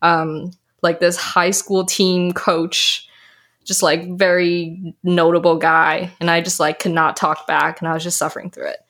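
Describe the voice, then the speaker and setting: A young adult woman, a health coach, chatting in an interview and acting out quotes from her past. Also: unhurried. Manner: animated storyteller, acts out quotes in a higher voice. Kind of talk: casual interview chat.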